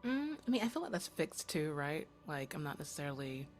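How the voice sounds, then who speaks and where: Casting: unhurried woman player with a deep voice, casual, faint music behind. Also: sing-song. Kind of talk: tabletop game play.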